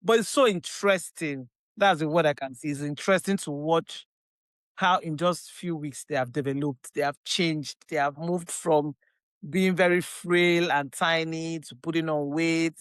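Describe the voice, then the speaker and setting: Nigerian woman telling an animated story. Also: low voice, normal speed, no echo. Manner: animated, emphatic storytelling with repeated phrases. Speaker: podcast guest. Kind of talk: casual chat.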